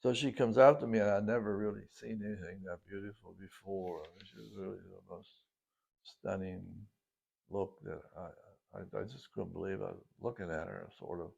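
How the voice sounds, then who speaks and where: A man telling a personal story in a halting, casual way, with frequent restarts. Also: low-pitched, steady tone, creaky, darkish tone, muffled recording. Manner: halting, with many restarts and fillers. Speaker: storyteller recounting his life. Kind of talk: casual spoken reminiscence.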